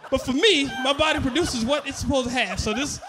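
A man's voice: very high-pitched, brisk, noisy background. A man performing a stand-up comedy set, telling stories and acting out both sides of conversations, often laughing at his own jokes.

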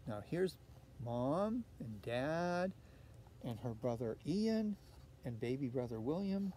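A man reading a children's picture book aloud with a friendly, expressive storyteller's manner. His pitch swings lively up and down while his tone stays mellow and warm. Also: slow, slight background noise. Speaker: storybook reader at a church.

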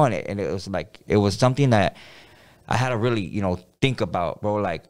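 Middle-aged male interview guest, lowish voice, slangy and rambling storyteller. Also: animated, a little fast. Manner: rambling, full of street slang and repeated words. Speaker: podcast guest.

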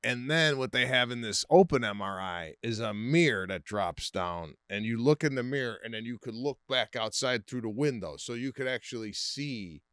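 Mid-pitched man, rambling co-host. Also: lively intonation, normal speed, hardly any pauses, a bit bright, smooth, dry recording, studio quality. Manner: rambling, with restarts and frequent swearing. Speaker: podcast co-host. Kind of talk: casual chat.

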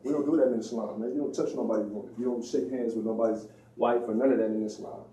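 A man's voice: medium pitch, steady tone, quick pace, warm tone, slight background noise. A man giving an informal religious lecture in a preachy, slangy way, acting out the voices he quotes. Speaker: religious speaker. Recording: echoey room, distant mic.

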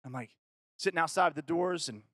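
A man's voice: fairly high pitch, moderate pace, no room sound. A man from Kentucky speaking to a youth audience, telling a personal story casually, with fillers and acted-out dialogue. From Kentucky, USA. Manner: animated storyteller who acts out dialogue; casual, with fillers and self-corrections.

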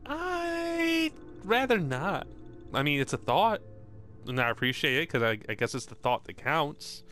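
A man's voice: medium pitch, fairly quick, sharp tone, faint music behind. A man casually commenting while playing a video game, rambling and joking and swearing now and then. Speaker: gaming video host. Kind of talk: casual let's-play commentary.

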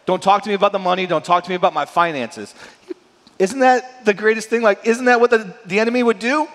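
A male pastor preaching a sermon in a lively, conversational way, often checking in with "right?". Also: high voice, quick pace. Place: church sanctuary. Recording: long church hall reverb.

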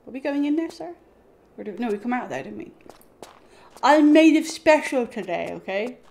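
A woman's voice: on the high side, animated, normal speed, vocal fry, darkish tone. A young woman streaming a video game live, chatting with viewers, swearing, laughing and talking to her dog. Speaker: gaming streamer.

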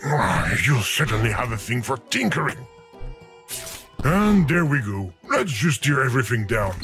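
A man's voice: medium pitch, sing-song, unhurried, over music. A man voicing a talking video game that frets over and scolds the player in a theatrical way. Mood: exasperated.

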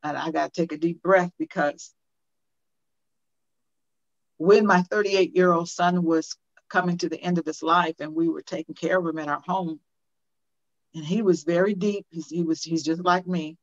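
A woman's voice: on the low side, steady tone, normal speed, pauses often. An older woman speaking as a guest in an interview, earnest and emphatic, often repeating questions for effect. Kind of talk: conversational interview. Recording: dull lo-fi audio.

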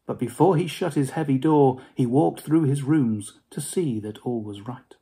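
A man giving a dramatic storybook reading, expressive and dropping to hushed whispers for suspense. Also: medium pitch, normal speed, slightly rough.

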